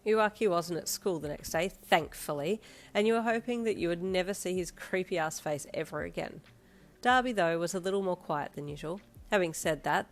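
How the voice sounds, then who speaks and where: A woman narrating an audio fanfiction in the second person, even and storytelling. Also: fairly low pitch.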